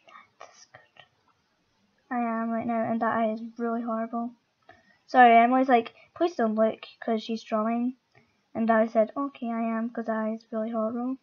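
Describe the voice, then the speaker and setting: A woman's voice: a little high, lo-fi sound. A woman giving playful, chatty commentary while playing a game, talking to the game and her viewers. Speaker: gamer. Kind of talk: casual gameplay commentary.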